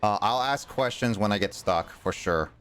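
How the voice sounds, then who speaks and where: A man's voice: fairly low pitch, moderate pace, a bit bright, clean tone. A male streamer chatting casually while playing a game, rambling with plenty of fillers. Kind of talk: casual chat while gaming.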